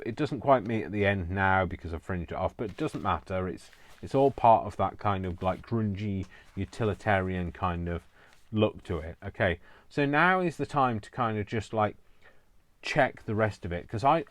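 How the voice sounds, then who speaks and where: A middle-aged man from England, chatting casually and rambling to camera with many fillers and self-mocking asides. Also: fairly low pitch. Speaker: crafting vlogger.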